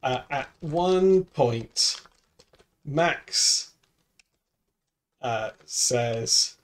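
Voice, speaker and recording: A man's voice: medium pitch, lively intonation, extremely slow. A man streaming, reading out a script's stage directions in a casual way with friends. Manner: reads stage directions aloud, bursts into laughter.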